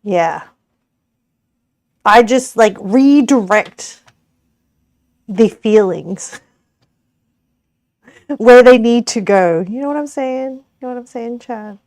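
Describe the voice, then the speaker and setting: A woman's voice: a little high, slow, long pauses, darkish tone, no room sound. An Australian woman streamer chatting casually with her viewers while cooking, giggly and rambling, often correcting herself.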